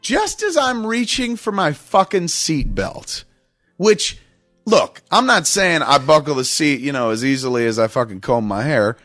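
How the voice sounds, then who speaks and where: A man's voice: a little high, lively intonation, unhurried, fairly bright tone, dry recording, soft background music. A middle-aged man hosting a podcast, telling a long story in a casual, profane, self-mocking way. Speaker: podcast host.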